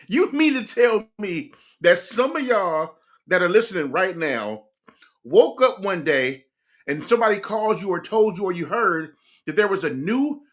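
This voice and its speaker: A man hosting a music reaction video, talking straight to his viewers in an excitable, laughing way. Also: high-pitched. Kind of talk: casual reaction commentary.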